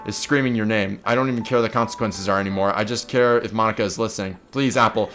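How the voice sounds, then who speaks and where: A man's voice: fairly low pitch, fairly even intonation, quick pace, fairly bright tone, faint music behind, voice pushed down, lightly acted. A man reading aloud the lines of an obsessive, lovestruck young woman from a video game, in a mostly plain voice.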